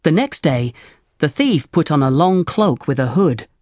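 A narrator giving a measured, clear reading of a chapter book. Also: mid-range voice, very animated, a little mellow, no echo, clean studio sound. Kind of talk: storybook reading.

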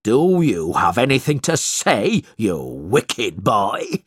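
A man's voice: on the low side, sing-song, slow pace, breathy edge, dry recording, studio quality, exaggerated voice. A man voicing a cruel, bullying middle-aged schoolmaster who barks threats in a storybook reading. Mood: angry threatening. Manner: barking, menacing.

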